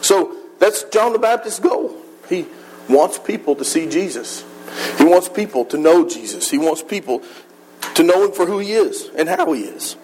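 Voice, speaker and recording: Preacher, male, high voice, chatty earnest sermon, faint room ambience behind. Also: expressive, moderate pace, darkish tone, slight background noise, low-quality recording. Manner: earnest, conversational, acts out voices. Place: church.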